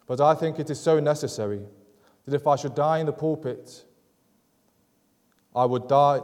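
A man preaching a sermon in an earnest, measured way, driving points home through repetition. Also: mid-range voice, warm tone, big-room sound. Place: church sanctuary.

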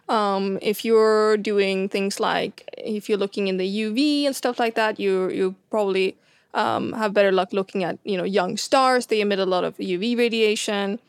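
A woman astronomer talks through science in a relaxed, chatty way, stumbling over fillers and restarts and laughing often. Her pitch sits in an ordinary middle range. The recording is dry and close, with no room sound. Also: creaky, no echo. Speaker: astronomer guest. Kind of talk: casual science chat.

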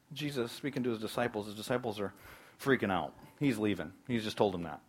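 Fast-talking male preacher. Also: on the low side, husky. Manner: emphatic, swings between loud preaching and hushed asides. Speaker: pastor. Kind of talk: sermon.

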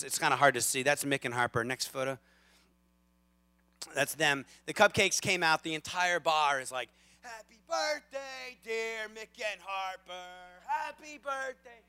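A man in his thirties preaching a sermon as a lively, self-deprecating storyteller, with big swings in loudness. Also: mid-range voice, dry recording. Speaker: pastor.

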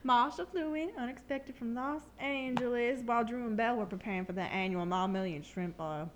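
A woman's voice: on the high side, a little fast, slight background noise, close to an everyday voice. A woman voicing an old Southern lady from a stage play, with a put-on Southern accent and a dramatic, drawling way of telling a story. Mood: storytelling. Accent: American Southern.

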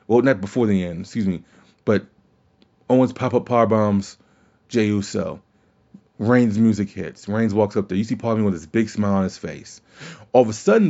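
A man's voice: fairly low pitch, dark tone. Opinionated rambling podcast man, dull audio. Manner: opinionated and rambling, with frequent restarts and profanity. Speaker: wrestling podcast host. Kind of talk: casual opinion podcast talk.

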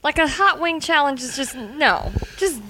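A woman's voice: high voice, expressive, unhurried, background noise. A woman co-hosting a podcast in casual chat, blunt and swearing. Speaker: podcast co-host.

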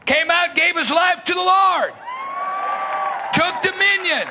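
A man preaching a fiery sermon, telling stories from his street and jail ministry and shouting his main points. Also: extremely high pitch, normal speed, a crowd in the background, background noise. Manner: shouting bursts, dramatic retelling with voiced quotes.

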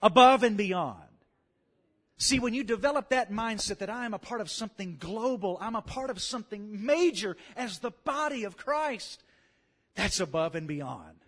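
Southern preacher, man, tenor range, animated sermon delivery. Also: high voice, moderate pace. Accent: Louisiana Southern US. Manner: animated, swells to loud calls of "come on" and "amen".

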